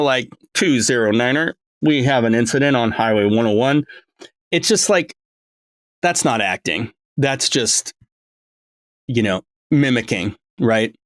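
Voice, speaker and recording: A man's voice: mid-range voice, a bit bright, no echo. Rambling middle-aged man, dry sound. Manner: rambling, full of ums and restarts. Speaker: voice director, interview guest. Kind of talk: casual long-form interview. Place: his home.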